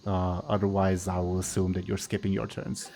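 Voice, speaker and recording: Low-voiced man running a tabletop game. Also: level tone, vocal fry, a little mellow. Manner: measured, explains rules step by step. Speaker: game master.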